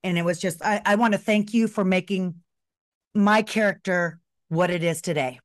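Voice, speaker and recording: A woman's voice: fairly low pitch, moderate pace, no echo, clean studio sound. A middle-aged woman co-hosting, speaking in a heartfelt, emotional way in casual chat. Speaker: co-host, former wrestler.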